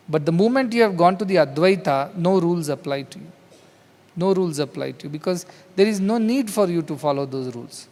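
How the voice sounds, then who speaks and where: Indian English man giving a conversational spiritual talk, high-pitched, big hall with long reverb. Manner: conversational, storytelling with quoted dialogue. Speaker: spiritual teacher. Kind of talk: spiritual discourse. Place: large hall.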